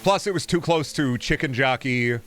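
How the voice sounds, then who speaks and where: A man's voice: mid-range voice, moderate pace, fairly bright tone, soft background music. A male streamer in casual chat, ranting and rambling with a lot of swearing.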